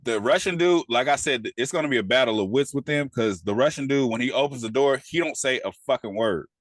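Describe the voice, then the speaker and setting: A man's voice: mid-range voice, a little fast, no echo. A man co-hosting a casual TV review podcast, retelling scenes with profane slang and acting out the characters' lines. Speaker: podcast co-host.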